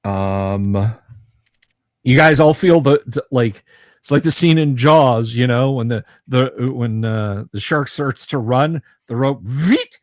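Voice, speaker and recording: A man's voice: medium pitch, no room sound, studio quality. A man running a tabletop fantasy game as dungeon master, narrating with many restarts. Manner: halting, with many restarts and fillers. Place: home setup, livestream.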